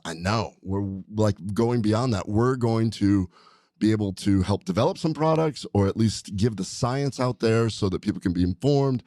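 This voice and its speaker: A man with a lowish voice hosts a casual podcast chat in a studio. He rambles along in an upbeat, excited way. The sound is close and dry. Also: normal speed, dry recording. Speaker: podcast host, doctor.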